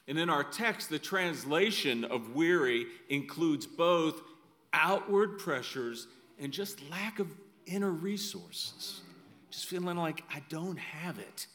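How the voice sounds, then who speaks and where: A man's voice: fairly high pitch, lively intonation, takes it slowly, fairly bright tone. A middle-aged male pastor preaching a sermon in a conversational way, often adding "right?" asides.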